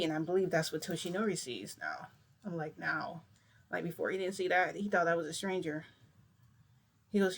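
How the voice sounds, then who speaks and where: A woman's voice: low-pitched, moderate pace, vocal fry, slightly rough. A woman vlogger telling a long story in a casual, rambling way, full of filler words.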